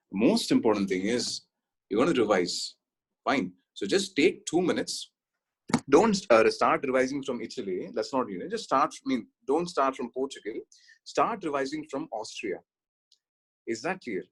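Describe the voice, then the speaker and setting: A male teacher gives an exam-prep lecture through storytelling. His voice is husky and sits at an average pitch. He keeps checking in with his students. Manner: storytelling with frequent check-ins.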